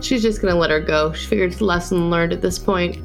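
A woman player in a tabletop game, briskly describing what her character does. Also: on the low side, vocal fry, faint music behind. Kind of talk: casual tabletop play.

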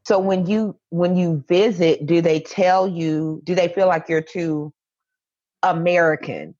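A woman's voice: on the low side, steady tone, unhurried, a little mellow, dull audio. A woman hosting a podcast, asking encouraging questions and wrapping up with a signature sign-off. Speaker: podcast host. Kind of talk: casual interview chat.

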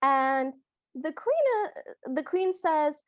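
A woman with a high voice chats playfully on a podcast, often laughing and slipping into the characters she describes. The sound is dry and close-miked. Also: animated, normal speed, dry recording. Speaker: podcast co-host. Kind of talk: casual chat recapping a film.

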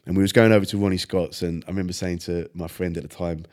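A man's voice: deep voice, steady tone, quick pace, darkish tone. A man with a laid-back, chatty manner, telling stories as a podcast guest. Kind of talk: casual chat, storytelling.

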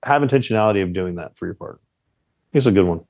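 A young man co-hosting a casual relationship chat with his partner, teasing and animated as he tells stories. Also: lowish voice, rapid-fire, vocal fry, no echo. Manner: playful, teasing, animated storyteller. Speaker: podcast co-host.

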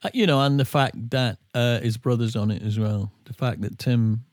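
A man's voice: mid-range voice, normal speed, a little mellow, no room sound, studio quality. A tired man, a singer and regular guest, telling rambling self-deprecating stories in casual podcast chat. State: tired from a sleepless night.

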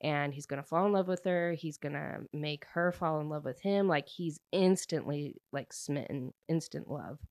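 A young woman talks through a novel's plot for her audience, rambling and full of fillers as she goes. Her voice sits low, and the recording is close and dry with no room sound. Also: moderate pace, hardly any pauses, darkish tone, no echo. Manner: chatty, rambling, many fillers and restarts. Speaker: book reviewer. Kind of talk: casual plot recap.

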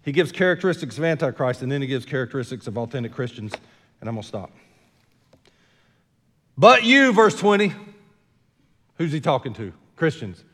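A man with a Southern American accent preaching a sermon as senior pastor, folksy, shifting from quiet asides to loud, emphatic declarations. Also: medium pitch, animated, fast talker, big-room sound.

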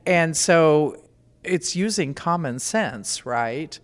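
A woman's voice: low-pitched, animated, takes it slowly. A middle-aged woman, a veterinarian, answering interview questions in a plainspoken, practical, matter-of-fact way. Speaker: veterinarian guest. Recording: long reverb.

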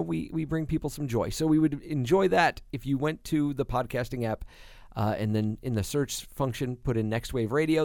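A man's voice: fairly high pitch, vocal fry, darkish tone, no echo, studio quality. A man co-hosting a casual podcast, laughing often and swearing casually while he reads out show plugs. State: tired new father. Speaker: podcast co-host.

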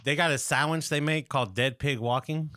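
A man's voice: fairly high pitch, steady tone, a little fast, sharp tone. A man co-hosting a casual podcast, easygoing and agreeable. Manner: laid-back, agreeable, says "dude" often. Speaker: podcast co-host.

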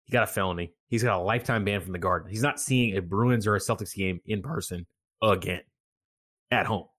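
A man's voice: lowish voice, fairly quick, a bit bright. A man co-hosting a casual sports podcast, chatty and joking. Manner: chatty, joking, laughs often. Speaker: podcast co-host.

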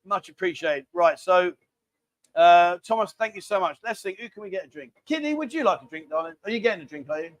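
A man's voice: high voice, animated, brisk, dry recording. A man hosting a live stream, rambling and bantering casually as he reads out viewer comments. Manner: rambling, chatty, cheeky banter. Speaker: livestream host.

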